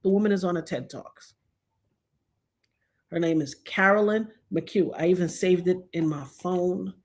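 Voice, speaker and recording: Woman, forties, vlogger at home, personal story, emotional, hushed to shouting. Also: on the low side, a little slow.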